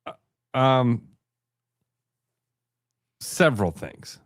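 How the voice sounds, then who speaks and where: A man's voice: medium pitch, expressive, very slow, dry recording, studio quality. A man co-hosting a sports talk radio show, pushing back in a blunt, sarcastic and profane way.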